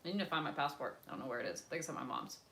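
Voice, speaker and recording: Speaking very fast in a low, sing-song voice that sounds pushed and bright, this young woman from the US casually chats with her livestream audience. Her talk wanders between topics and languages, full of fillers. Slight background noise is present.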